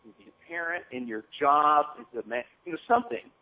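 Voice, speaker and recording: A man's voice: on the high side, big pitch swings, quick pace. A man giving a casual motivational coaching talk on a call, often checking in with "okay?". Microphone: phone call. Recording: phone-line audio.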